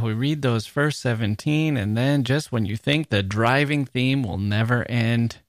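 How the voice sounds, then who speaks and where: A man in mid pitch talks through a poem with playful enthusiasm, reading lines aloud and tapping out their rhythm with his voice. The sound is close and dry, with no room around it. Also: fairly bright tone, dry recording. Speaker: podcast host. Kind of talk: enthusiastic literary lecture.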